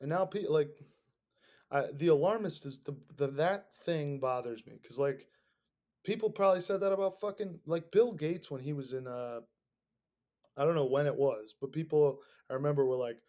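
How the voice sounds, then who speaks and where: A young man hosting a podcast, rambling in casual, profanity-laden talk that swings between mumbled asides and loud bursts. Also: on the high side, moderate pace, lo-fi sound. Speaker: podcast host.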